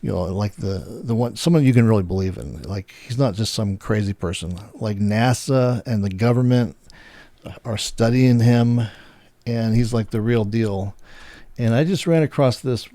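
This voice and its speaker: A man's voice: fairly low pitch, moderate pace, mellow, no echo. A man hosting, chatting casually and rambling with many fillers as he searches for words. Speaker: host. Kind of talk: casual chat.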